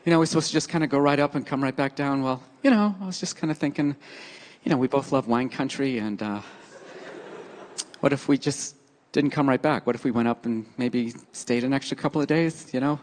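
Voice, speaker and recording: A man's voice: mid-range voice, pitched below the performer's own voice, natural voice. A man putting on a timid, hesitant wife. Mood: tentative. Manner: soft, halting, full of ums and uhs. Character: timid hesitant wife tiptoeing around a request.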